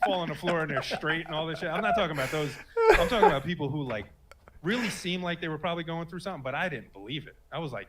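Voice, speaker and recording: A man in his late thirties, speaking very fast in a fairly high voice over heavy noise, shares a personal story as a guest. His casual testimony is earnest and rambling, packed with fillers and restarts.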